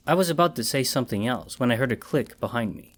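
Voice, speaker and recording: A man giving a scripted horror story narration in a measured, dramatic storytelling manner. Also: medium pitch, animated, a little hiss or hum.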